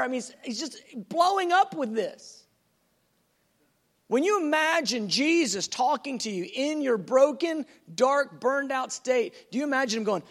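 High-voiced man preaching a sermon. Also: normal speed. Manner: animated, acts out quotes, conversational. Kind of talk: teaching sermon.

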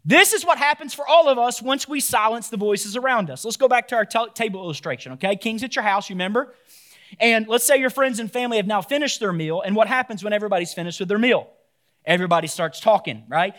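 A man with a fairly high voice preaches a sermon at church. He is animated, rising to loud shouts and then dropping low and quiet to stress his points. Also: fairly quick. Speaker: pastor.

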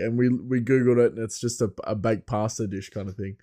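Australian male podcast host, mid-pitched voice, casual and rambling, laughs easily. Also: moderate pace, pauses often, warm tone, no room sound, studio quality. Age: adult with a young son. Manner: chatty, laughs often, meandering asides.

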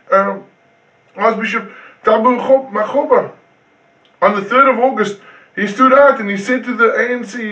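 Pastor guy preaching, kinda high voice, far from the mic, muffled lo-fi, keeps repeating stuff for punch. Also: bright, forceful tone. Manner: preaching with emphatic repetition, rising and falling intensity. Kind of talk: sermon. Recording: distant, dull lo-fi sound.

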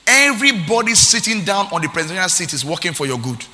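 A male pastor from Nigeria, preaching a sermon with shouted, sing-song call-and-response. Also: sits high, sing-song, quick pace, big-room sound, slight background noise.

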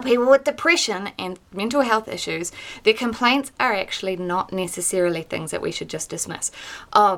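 A woman hosting a devotional podcast, talking earnestly and conversationally, shifting between emphatic points and soft, quiet moments. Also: mid-range voice. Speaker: podcast host teaching on the Bible.

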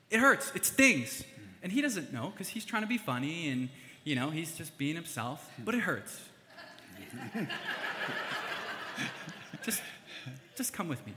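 Bright-voiced young preacher in a reverberant hall. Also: male voice, a little high. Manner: chatty and animated, with fillers and asides. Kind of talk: casual sermon. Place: church hall.

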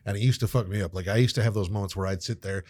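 A man in casual chat, ranting with profanity and sudden loud outbursts. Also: on the low side, steady tone, very fast.

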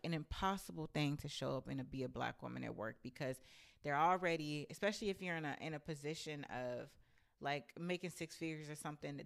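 A woman telling a story from her own life in a blunt, animated and profane casual rant. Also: low voice, creaky.

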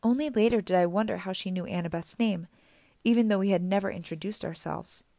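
A woman narrating a novel in the first person as an audiobook reader, with a steady storytelling delivery. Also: mid-range voice, brisk, gravelly, dry recording.

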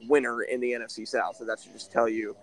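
A man's voice: mid-range voice, level tone, quick pace, a bit bright, poor audio. A man co-hosting a casual sports podcast from a backyard, bluntly breaking down team records and stats. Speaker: podcast co-host. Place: backyard, outdoors.

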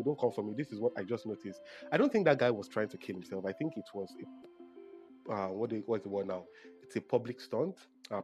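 A young man with a Nigerian accent talks on his own in a loose, chatty way, stopping to fix his words as he goes. His voice sits at an ordinary middle pitch, with faint music playing behind him. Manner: chatty, self-correcting, emotional. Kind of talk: casual monologue.

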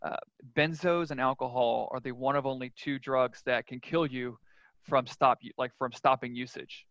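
A man's voice: medium pitch, fairly even intonation, moderate pace, a bit bright, no room sound. Frank man telling his story, dry lo-fi. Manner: frank, earnest, confessional. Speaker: podcast guest. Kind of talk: casual interview storytelling. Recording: dull lo-fi dry sound.

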